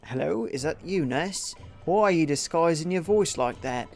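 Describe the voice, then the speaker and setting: A man's voice: fairly high pitch, expressive, moderate pace, vocal fry, darkish tone, soft background music. A man doing a Cockney phone dad. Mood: puzzled. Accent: Cockney, put on. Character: a boy's father on the phone, middle-aged man.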